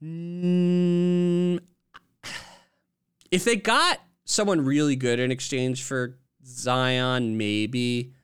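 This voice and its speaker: A man's voice: medium pitch, steady tone, extremely slow, pauses often, smooth. A man giving reasoned opinions on basketball trades in a casual chat, speaking conversationally with fillers. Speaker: podcast guest fan.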